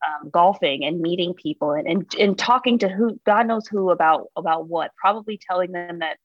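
A young adult woman, an interviewee recounting a personal story, animated as she retells it. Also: fairly low pitch, normal speed, no echo. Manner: animated retelling, voices her own past words. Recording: dull lo-fi sound.

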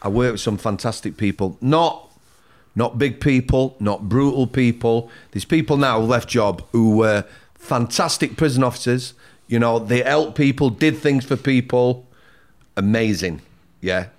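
A man's voice: medium pitch, unhurried. A man hosting a podcast, a former prison officer, speaking firmly and cutting in with repeated calls to listen. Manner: firm, cuts in with repeated "listen". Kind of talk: casual podcast chat.

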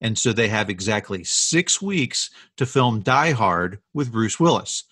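A man's voice: lowish voice, lively intonation, a little slow, a bit bright, breathy edge, no echo, clean studio sound. A man co-hosting a casual talk show, telling movie history stories in a chatty, rambling way. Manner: chatty storyteller with restarts and asides. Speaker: podcast co-host.

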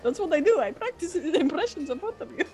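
High, lively, giggly woman player. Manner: playful and giggly, quick to tease. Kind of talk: tabletop game banter.

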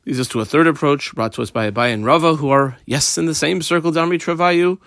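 A man's voice: on the high side, fast, a bit bright, dry recording, studio quality. A man teaching a page of Talmud, reading Aramaic phrases and explaining them in casual English while marking up his page.

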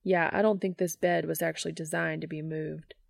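A woman's voice: sits low, little pitch movement, brisk, creaky, no echo, studio quality. A woman reading an audiobook, voicing a cheerful, teasing young man in an easygoing way.

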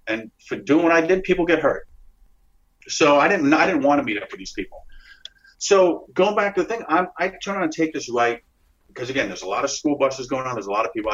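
A man, an interview guest, telling a dramatic story in a rambling, excited way with frequent restarts and swearing. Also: mid-range voice. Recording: dull lo-fi recording.

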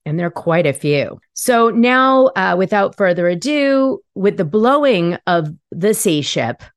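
A woman hosting a podcast in casual chat, chatty and quick to laugh. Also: medium pitch, expressive, dry recording, studio quality. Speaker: podcast host.

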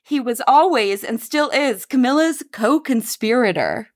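A woman's voice: fairly high pitch, animated, measured pace, dry recording, clean studio sound. A woman co-hosting a casual podcast chat, reading out quotes with wry, playful commentary. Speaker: podcast co-host. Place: Paris.

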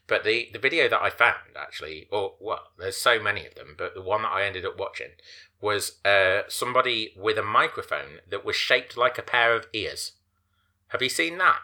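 A man's voice: fairly low pitch, animated, normal speed, bright, forceful tone. A man co-hosting a podcast, chatting casually and rambling, often stumbling over his words. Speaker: podcast co-host.

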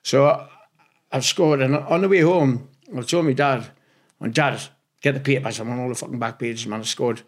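This English interview guest speaks at medium pitch and normal speed with fairly even intonation. In casual conversation he rambles through anecdotes, swearing freely and acting out what others said to him.

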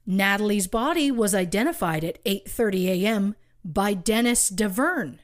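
A woman's voice: medium pitch, expressive, normal speed. A woman co-hosting a true crime podcast, telling the case with rhetorical questions and wry asides. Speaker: podcast co-host.

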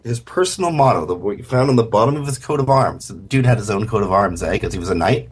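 Husky man co-hosting a radio show. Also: on the low side, lively intonation, quick pace. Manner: chatty with many fillers and restarts. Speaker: podcast co-host. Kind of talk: casual radio show chat.

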